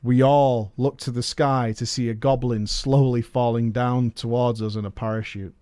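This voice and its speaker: A man's voice: medium pitch, little pitch movement, moderate pace, warm tone, smooth, dry recording, studio quality. A man narrating a comedic story in a playful way, chuckling at his own telling.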